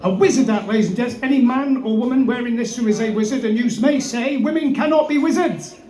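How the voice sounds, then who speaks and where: A man's voice: very high-pitched, quick pace, a little mellow. A man doing a live comedy set, telling rambling absurd stories with exuberant showman patter. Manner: exuberant, addresses "ladies and gents". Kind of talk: absurd rambling stand-up storytelling. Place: brewery venue, indoors. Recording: echoey room sound.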